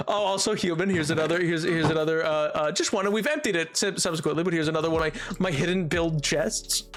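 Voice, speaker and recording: Male streamer, high bright voice, giggly, rambling casual chat; faint music underneath. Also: unhurried, long pauses. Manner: giggly, rambling, stumbles over words.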